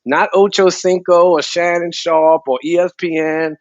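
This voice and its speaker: A man's voice: high voice, level tone, measured pace, no room sound, highs cut off. A male co-host in casual fan-show talk, laid-back, swearing and full of fillers.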